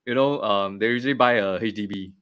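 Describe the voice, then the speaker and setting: A man's voice: on the low side, fast, a bit bright, clean tone. A man with a Singaporean English accent hosting a casual interview, giving short replies and hesitant remarks. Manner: brief backchannel replies, hesitant.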